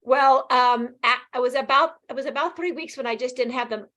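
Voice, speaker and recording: A woman in her fifties, a guest talking casually and quickly in an interview, animated and laughing often. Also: high-pitched. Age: 50s. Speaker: guest sharing her experience.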